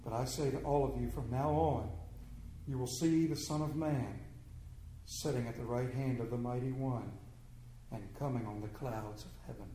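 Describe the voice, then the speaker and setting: A man voicing Jesus as a calm, solemn prisoner on trial, speaking in a hushed, grave tone. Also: medium pitch, normal speed, echoey room, pitched below the performer's own voice, natural voice, rough recording.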